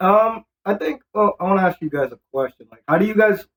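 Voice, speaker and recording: A man co-hosting a podcast in casual chat, teasing and quick to joke. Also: sits high, lively intonation, fairly bright tone, a little hiss or hum, poor audio. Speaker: podcast co-host.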